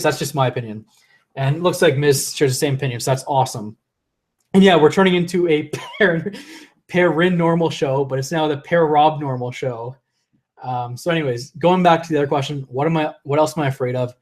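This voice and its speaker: A man's voice: a little high, a little fast, darkish tone. Rambling young man losing his voice. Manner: rambling, self-interrupting, laughs often. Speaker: live-stream host reading viewer chat. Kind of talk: casual live-stream chat.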